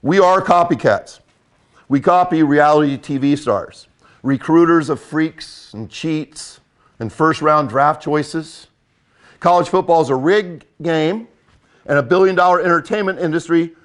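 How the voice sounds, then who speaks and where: Blunt older man, higher-pitched coach. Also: a little slow. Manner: blunt, emphatic, repeats for effect. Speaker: football coach. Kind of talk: coaching talk.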